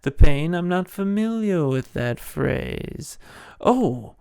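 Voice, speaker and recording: A weakened young hero taunts a rival as a man puts him on, mocking and playful. The speech is unhurried and gravelly. It sounds close, with no room around it. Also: on the high side, expressive, darkish tone, no room sound, exaggerated voice. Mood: taunting.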